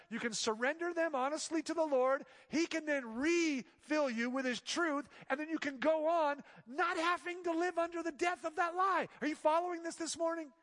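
A man preaching a sermon as pastor, swinging between loud emphatic lines and hushed soft ones. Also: extremely high pitch, big-room sound.

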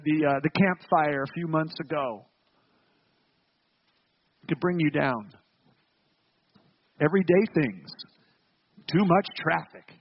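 A man's voice: on the high side, husky, dull audio. A man preaching a sermon as pastor, earnest and emphatic, with rhetorical questions and repeated words.

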